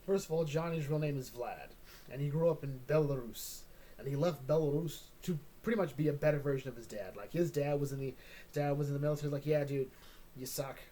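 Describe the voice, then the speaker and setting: A man's voice: a little high, fast talker, warm tone. A man hosting a casual comic book chat, joking and rambling, often tagging on "all right?". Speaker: comic book podcast host.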